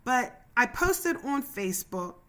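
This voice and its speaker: A woman's voice: a little high, sing-song, slow pace, a bit bright. A woman hosting her own podcast, narrating a scripted story in a chatty way and calling her listeners "y'all". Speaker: podcast host.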